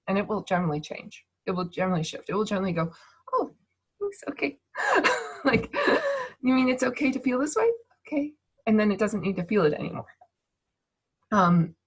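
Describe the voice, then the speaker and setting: Woman, 30s, breathy and low-pitched, calm coaching talk by video call. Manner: gentle, reassuring, thinks aloud with restarts. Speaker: speaker on emotions and manifestation.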